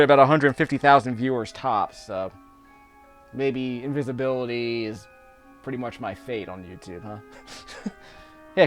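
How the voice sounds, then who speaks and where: A man giving casual, rambling commentary while playing a video game, chuckling often between remarks. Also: mid-range voice. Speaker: YouTube gameplay commentator. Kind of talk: casual let's-play commentary.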